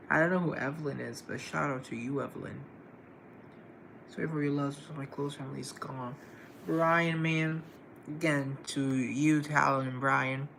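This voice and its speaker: Gravelly-voiced man chatting on a live stream. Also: mid-range voice, fairly bright tone, slight background noise, low-quality recording. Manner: chatty, greets viewers and answers chat comments. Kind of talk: casual live stream chat.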